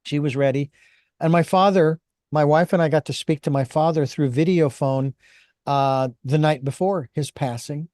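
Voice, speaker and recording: A man's voice: fairly high pitch, normal speed, darkish tone, dry recording. A man hosting an interview, talking in a rambling, hesitant way with many restarts. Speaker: host.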